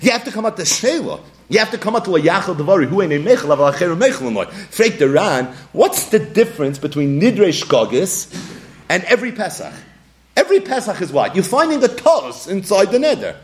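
A man with a Yeshiva English accent teaching a Talmud class, animated and acting out little scenes in different voices. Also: sits high, a little fast.

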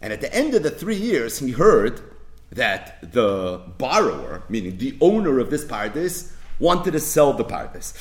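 A man teaching a Talmud class, mixing Hebrew and Yiddish terms into his English and acting out both sides of the case. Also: medium pitch. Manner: acts out both sides of the case in story voices. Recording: echoey room.

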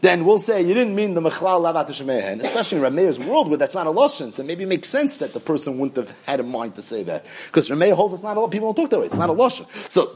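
A man's voice: a little high, quick pace, hardly any pauses, breathy edge. A man with a Yeshivish English accent teaching a Talmud class, chanting the text in a sing-song study style. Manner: animated, sing-song study chant with Yiddish and Hebrew terms.

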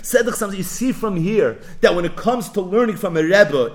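A man's voice: high voice, lively intonation, normal speed. A man giving a Torah lesson, mixing Hebrew and Yiddish terms into his English. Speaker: Talmud teacher.

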